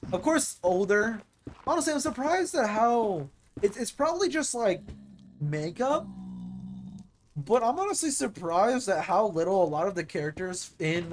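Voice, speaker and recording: A streamer talking loosely over a game at a middling pitch, rambling through thoughts with plenty of fillers and casual swearing. A faint hiss sits under the voice. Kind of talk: casual chat over live gameplay.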